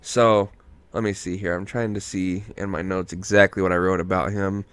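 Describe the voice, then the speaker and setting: A man's voice: sits low, flat delivery, normal speed, a bit bright, clear, resonant tone, no echo. A tipsy man hosting a podcast, rambling through a movie recap in casual chat and swearing freely. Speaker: podcast host.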